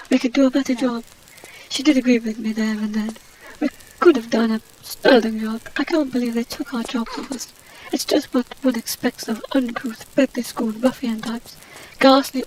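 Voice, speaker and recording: A woman's voice: high-pitched, darkish tone, a little hiss or hum, close to an everyday voice, rough recording. A woman voicing a haughty, out-of-work adventurer heroine, rambling snobbish gossip over gameplay commentary.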